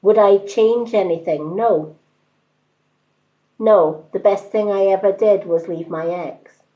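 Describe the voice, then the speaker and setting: A woman in her fifties with a mixed British accent, giving a card reading on a live stream in an unhurried, hesitant, reassuring way with many ums. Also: medium pitch, warm tone, lo-fi sound. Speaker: tarot card reader.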